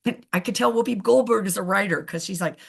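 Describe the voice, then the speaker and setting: A middle-aged woman, a veterinarian guest, telling animated stories in casual chat and often laughing. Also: medium pitch, fast talker, creaky, breathy edge. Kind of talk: casual storytelling.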